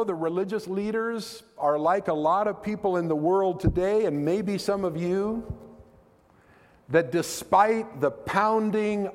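A man's voice: high voice, darkish tone, long reverb tail. A man preaching a sermon as pastor, earnest and conversational, asking rhetorical questions.

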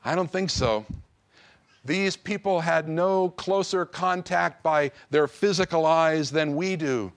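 A man preaching a sermon to his congregation, slow and emphatic. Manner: slow, emphatic preaching with wide swings of pitch. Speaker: pastor.

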